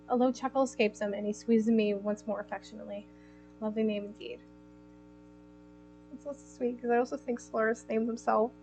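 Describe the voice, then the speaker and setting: A woman's voice: a little high, fairly even intonation, brisk, darkish tone, soft background music, rough recording. Emotional young woman streamer. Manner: emotional, giggly, easily moved. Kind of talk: reading a story game aloud with commentary.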